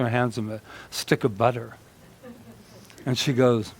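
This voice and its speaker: A man's voice: mid-range voice, takes it slowly, vocal fry, fairly bright tone. A male minister giving a chatty sermon, telling stories and acting out quoted voices with humor. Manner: storytelling, acts out quoted voices; chatty, laughs with congregation.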